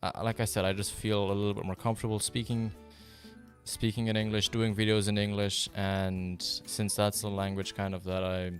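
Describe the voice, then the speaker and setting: A man whose first language is German, chatting casually with viewers on a live stream in a fairly monotone, rambling way full of fillers. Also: lowish voice, moderate pace, soft background music. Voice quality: fairly monotone, even delivery. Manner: relaxed, rambling, with many fillers and restarts.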